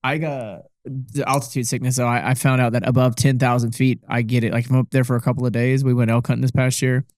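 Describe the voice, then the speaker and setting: A man's voice: medium pitch, level tone, fast, darkish tone, no echo, studio quality. A man co-hosting a podcast, blunt and swearing freely in casual chat. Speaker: podcast co-host.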